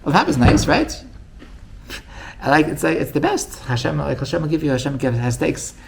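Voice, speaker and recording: A man's voice: on the high side, normal speed, gravelly. A man, a rabbi, telling a story in a casual, rambling way with many restarts. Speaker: rabbi teaching.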